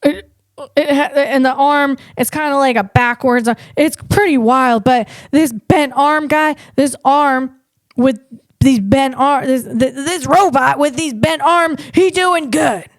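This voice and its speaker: High-voiced woman comedian on a podcast. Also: a little slow, dry recording, clean studio sound. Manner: animated, stumbling over words, acts out voices. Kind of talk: comedic tech commentary.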